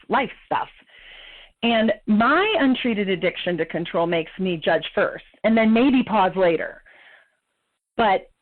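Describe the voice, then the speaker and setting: A woman giving a candid, self-mocking personal recovery talk with wry humor. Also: mid-range voice. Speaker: speaker sharing at a recovery meeting. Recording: tinny phone line.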